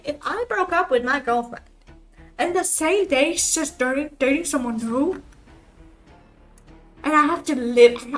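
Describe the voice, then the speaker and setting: A woman's voice: sits high, fairly bright tone. A woman streamer ranting on a live stream, exasperated and swearing freely.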